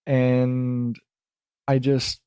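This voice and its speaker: A middle-aged man rambling alone into a close podcast mic, loose and self-mocking, with a voice of ordinary middle pitch. The sound is dry, with no room around it. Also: completely flat delivery, extremely slow, warm tone, smooth, dry recording. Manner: loose, self-deprecating, slips into silly voices; swears casually. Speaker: podcast host. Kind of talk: rambling solo podcast talk.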